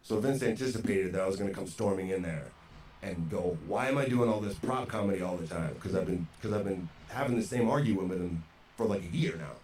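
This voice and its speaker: A man's voice: deep voice, fairly quick, a little mellow. A man, a podcast guest, telling a story in a frank, conversational way with lots of "you know". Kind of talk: casual storytelling. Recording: roomy echoey sound, faint background noise.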